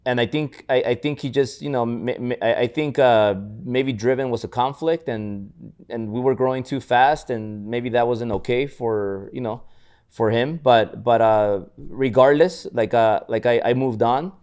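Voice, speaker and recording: A man's voice: mid-range voice, a little slow, smooth. A man co-hosting a podcast, telling stories in casual motivational chat, often restarting words and acting out others' lines. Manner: repetitive restarts, animated storytelling. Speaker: podcast co-host.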